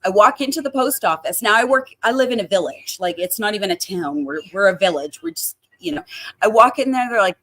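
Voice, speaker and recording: A woman's voice: medium pitch, expressive, brisk, fairly bright tone. A middle-aged woman from Canada, a home grower chatting as a guest, giggling often and telling stories. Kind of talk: casual chat.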